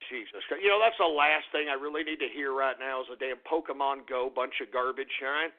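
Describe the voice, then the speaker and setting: A man's voice: mid-range voice, fast talker, soft background music. A man hosting a radio call-in show, swearing and venting his exasperation between callers. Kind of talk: profane call-in radio rant. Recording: tinny phone-like line.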